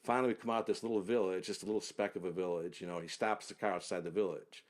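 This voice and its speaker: Low-voiced man telling a travel story. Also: steady tone. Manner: unhurried, detailed storyteller, often trails off low. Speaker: interview guest, travel author. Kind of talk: storytelling in an interview.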